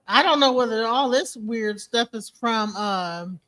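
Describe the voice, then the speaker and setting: Bright-voiced, profane young woman. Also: a little high, measured pace. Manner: profane, rambling, joking. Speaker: host. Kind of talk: casual live-stream chat.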